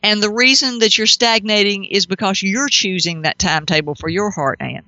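A middle-aged woman hosts a call-in show with an emphatic, animated delivery. Her voice is bright and ringing. The sound is dry and a little dull. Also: mid-range voice, normal speed, dry recording. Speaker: pet psychic radio host. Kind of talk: call-in advice talk.

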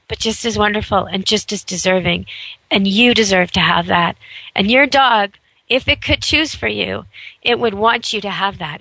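A woman's voice: mid-range voice, creaky, sharp tone, no room sound, poor audio. A woman hosting a radio talk show, giving earnest, persuasive advice in long flowing runs.

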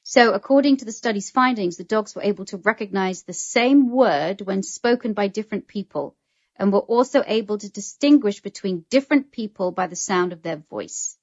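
A woman's voice: medium pitch, animated, moderate pace, dry recording. Woman chatting, explains stuff eagerly, keeps saying right?, kinda muffled lo-fi audio. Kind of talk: casual chat.

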